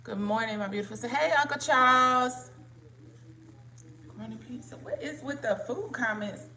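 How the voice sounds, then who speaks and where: Raspy-voiced woman greeting stream viewers. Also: fairly high pitch, normal speed, sharp tone. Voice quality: raspy, scratchy. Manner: chatty, greets viewers by name. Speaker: livestream host. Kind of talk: casual live-stream chat.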